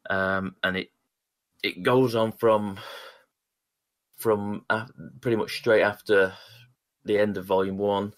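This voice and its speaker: A man's voice: lowish voice, steady tone, slow pace, pauses often. A man co-hosting a podcast, chatting casually and rambling with many restarts and fillers. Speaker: podcast co-host. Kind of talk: casual chat about comics.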